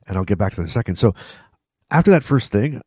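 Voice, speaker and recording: A middle-aged man hosts his own vlog. He talks straight to the viewer in a casual, chatty way, often restarting sentences and tossing in asides. His voice is low and mellow, recorded dry and close. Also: big pitch swings, quick pace, slightly rough, dry recording. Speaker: vlog host. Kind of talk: casual talk to camera.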